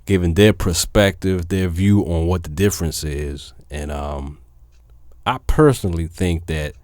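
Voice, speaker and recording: A man, a DJ talking casually to his viewers, filling pauses with "um", then turning animated and emphatic. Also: low voice, dry recording, studio quality. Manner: laid-back with many fillers, then animated and emphatic. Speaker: DJ and vlogger. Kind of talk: casual talk to camera.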